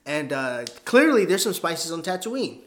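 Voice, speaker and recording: Profane animated man co-hosting a podcast. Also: fairly high pitch, unhurried. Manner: profane, animated retelling with quoted voices. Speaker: podcast co-host. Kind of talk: casual chat.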